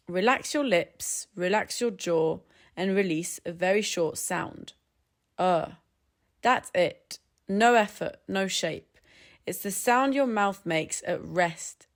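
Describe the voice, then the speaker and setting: In a medium-pitched voice, a woman calmly works through a scripted lesson on English pronunciation. She keeps a measured pace and slows further to show each sound.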